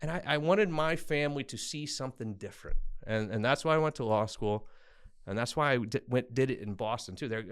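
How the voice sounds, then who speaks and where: Man from Tennessee, blunt, self-mocking, candid interview storytelling, mid pitch. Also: brisk, clean tone. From Tennessee, USA. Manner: blunt, self-deprecating, animated when quoting people. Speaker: guest attorney.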